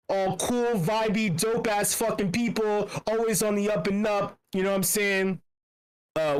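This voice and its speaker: A man's voice: on the high side, clean tone, low-quality recording. A man hosting a meetup in a voice channel, telling a rambling, profane story, laughing often and sick with a cough. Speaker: meetup host.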